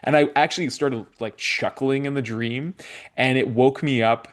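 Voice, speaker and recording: A man's voice: medium pitch, fairly even intonation, moderate pace. A young adult man from Canada hosting a spiritual podcast, telling stories in a casual, rambling way with many fillers and restarts. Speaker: podcast host. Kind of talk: casual conversational interview.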